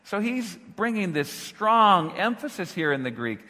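A man preaching a sermon as pastor, earnest and full of rhetorical questions, moving from hushed tones to near-shouting. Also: high voice, very animated, a little slow. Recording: long hall reverb.

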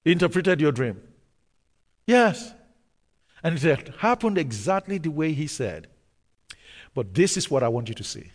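A pastor preaching a sermon, reading scripture aloud and retelling it with dramatic pauses and sudden bursts of emphasis. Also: male voice, on the high side, big pitch swings, slightly rough, in a large hall.

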